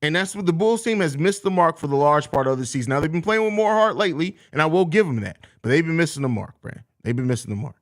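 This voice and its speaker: A man's voice: a little high, animated, quick pace, hardly any pauses. A man hosting a live sports talk show, reading viewer questions and answering in a blunt, profane, ranting way. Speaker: podcast host reading chat questions.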